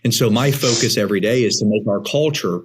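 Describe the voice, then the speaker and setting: A man in his forties, a guest on a business podcast, talking casually and telling animated stories that he laughs through. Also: on the low side, fairly quick, a little hiss or hum. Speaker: podcast guest, franchise executive.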